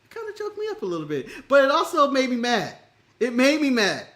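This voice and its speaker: An American man co-hosts a casual wrestling chat show, animated and laughing often as he swears and acts out other people's lines. His voice is very high and he talks a little fast.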